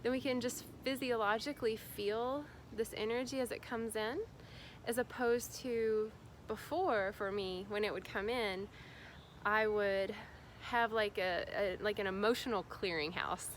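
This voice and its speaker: A woman's voice: medium pitch, fairly even intonation, unhurried, a little hiss or hum. Rambling, chatty woman spiritual vlogger. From Indiana, USA. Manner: rambling and chatty, many fillers and restarts. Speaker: spiritual guide. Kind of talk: casual spiritual vlog talk.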